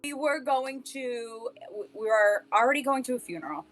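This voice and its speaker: A woman's voice: on the high side, expressive, normal speed. A woman co-hosting a podcast, telling her own stories in casual chat, rambling with restarts and laughing at herself. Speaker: podcast co-host.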